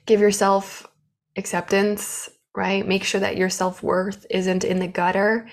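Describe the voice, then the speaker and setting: A woman speaking candidly to camera about her life as an entrepreneur. Her telling is open and emotional, with big feelings put plainly into words. Her voice sits at an ordinary middle pitch for a woman. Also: unhurried. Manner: open, emotional, animated storytelling. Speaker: business owner. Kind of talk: candid personal vlog.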